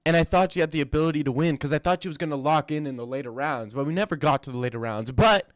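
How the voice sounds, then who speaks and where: A man's voice: a little high, fast talker, few pauses, dry recording. A young man streaming and answering his chat in a joking, stammering banter, recorded close and dry. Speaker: streamer reacting to fight news and chat. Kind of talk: casual live-stream chat.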